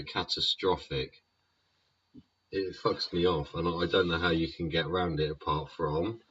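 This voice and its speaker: Deep, slow, swearing man. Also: bright, forceful tone, slightly rough. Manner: rambling, profane, keeps tagging lines with "yeah?". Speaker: YouTube show host. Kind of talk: sweary ranting monologue. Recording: dull lo-fi recording.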